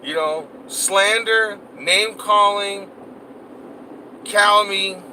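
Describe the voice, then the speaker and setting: A man's voice: high voice, slow, sharp tone, rough recording. Cursing man ranting over traffic noise. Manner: heated, cursing, repetitive. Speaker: political vlogger. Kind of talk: angry profane rant.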